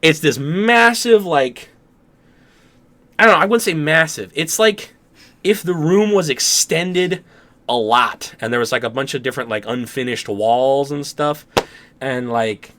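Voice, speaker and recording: A man's voice: fairly high pitch, lively intonation, a little slow, fairly bright tone, slight background noise. A young man co-hosting a podcast, telling a dream in casual chat, rambling and laughing often. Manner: rambling, laughs often, acts out his own reactions. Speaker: podcast co-host.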